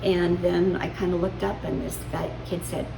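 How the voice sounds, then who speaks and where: A woman in her seventies, a veteran recounting memories in an interview, in a halting way with many fillers. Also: fairly low pitch, flat delivery, vocal fry. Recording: roomy, distant mic, ambient noise.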